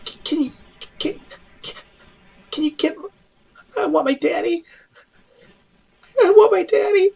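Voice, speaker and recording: A man's voice: very high-pitched, takes it slowly, gravelly, long pauses, a little mellow, pitched above the performer's own voice, full character voice. A man voicing a frightened little halfling girl who stammers through tearful pleas in a tabletop game. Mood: sobbing.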